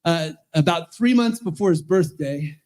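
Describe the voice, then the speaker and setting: A man's voice: on the high side, lively intonation, a little slow, a little mellow. A man in his fifties, an Episcopal priest, telling rambling, chuckling stories in a roast speech at a charity event. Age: 50s.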